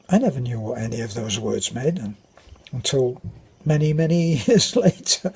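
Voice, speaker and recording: An older man with a British accent tells anecdotes in a rambling, casual way. His voice is very husky and breathy. His pitch sits in the middle range. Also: expressive, moderate pace, darkish tone. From Britain. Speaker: vlogger. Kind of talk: casual storytelling.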